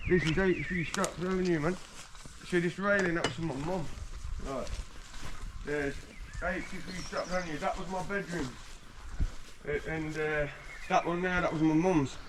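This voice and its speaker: A man's voice: fairly high pitch, slight background noise. A man from England telling boastful stories in a casual, slangy street interview, swearing freely while standing outdoors on a residential street.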